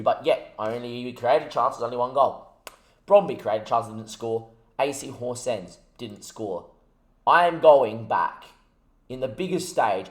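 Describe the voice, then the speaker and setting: Ranting, swearing young gamer. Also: male voice, medium pitch, reverberant. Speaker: gaming YouTuber. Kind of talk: frustrated gameplay commentary.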